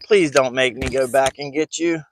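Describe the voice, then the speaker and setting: A man's voice: medium pitch, normal speed, slight background noise. A man telling a rambling story to camera while fishing from a boat. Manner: rambling, chatty, laughs through his story. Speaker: fishing vlogger.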